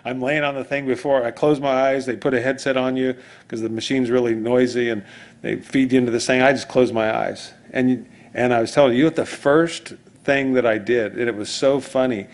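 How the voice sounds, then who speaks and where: A man preaching as pastor, in a rambling conversational sermon full of asides and restarts. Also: mid-range voice.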